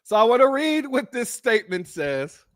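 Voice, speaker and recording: A man's voice: extremely high pitch, very animated, normal speed, fairly bright tone, dry recording, clean studio sound. A man hosting a reaction commentary, chatty and often laughing, talking to his audience as family. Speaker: host.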